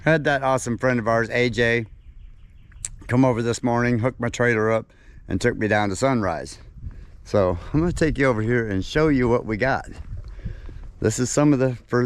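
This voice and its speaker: A man chatting casually to viewers on his homestead, folksy and quick to laugh. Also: mid-range voice. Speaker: homesteading vlogger. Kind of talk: casual vlog chat to camera. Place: outdoors on a rural homestead.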